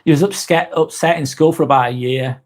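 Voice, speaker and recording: A man's voice: on the high side, brisk. A man hosting a live vlog, answering chat in a rambling, frank way, swearing often and restarting sentences. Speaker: host.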